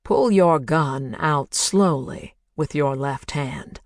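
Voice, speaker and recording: A narrator putting on a synthesized male voice with a Boston accent that gives slow, taunting orders. It is in no hurry and stretches every command. It is an audiobook read, recorded close and dry. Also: medium pitch, dry recording. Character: cold synthesized male voice, controlling captor.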